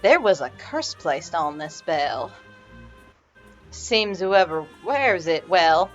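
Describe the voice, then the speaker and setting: Brief: gruff Western wizard, slow and low drawl, voiced by a woman, dull lo-fi recording. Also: very animated, faint music behind. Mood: dry. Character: gruff folksy male wizard of the Wild West.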